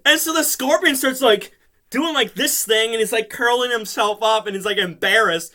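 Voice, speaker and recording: Excitable male reviewer: high, very bright voice, rambling casual recap. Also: normal speed. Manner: excitable, laughing often, rambling with fillers. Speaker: show reviewer.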